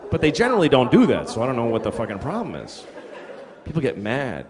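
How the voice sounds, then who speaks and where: A man's voice: mid-range voice, wildly swooping pitch, quick pace, crowd noise. A man performing a profane, ranting stand-up comedy routine on stage. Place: live comedy venue. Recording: echoey live club with audience noise.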